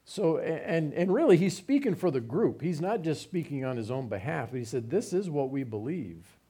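A man's voice: mid-range voice, darkish tone. A man giving a conversational Bible teaching, reading passages aloud and explaining them with informal asides.

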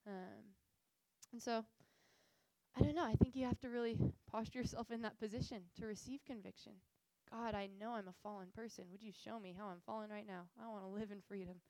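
A woman's voice: medium pitch, creaky, no room sound, poor audio. A young woman giving a casual, earnest faith talk to a group, telling stories with lots of fillers. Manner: earnest, animated storytelling with frequent fillers. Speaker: missions speaker.

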